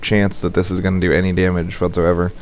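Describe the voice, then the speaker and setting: Young guy casting a strategy game, kinda low voice, goofy and chatty. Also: completely flat delivery, quick pace, a little hiss or hum. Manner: joking, playful, jumps into high squeaky voices when quoting. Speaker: game caster and coach. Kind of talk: casual gameplay commentary.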